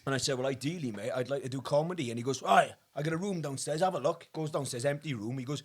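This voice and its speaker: A man's voice: a little high, animated, fast talker, hardly any pauses, sharp tone, a little hiss or hum. A man telling rowdy anecdotes in casual pub chat, swearing freely and laughing through his punchlines.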